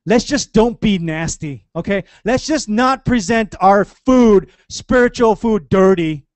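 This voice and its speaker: A man preaching a sermon in church, conversational and animated, with playful asides to the congregation. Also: high-pitched, unhurried, no room sound. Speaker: pastor.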